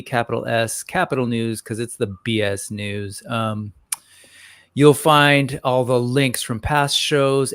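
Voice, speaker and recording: A man's voice: medium pitch, no echo. A man hosting a casual toy-news livestream, rambling and upbeat with many fillers, greeting viewers by name.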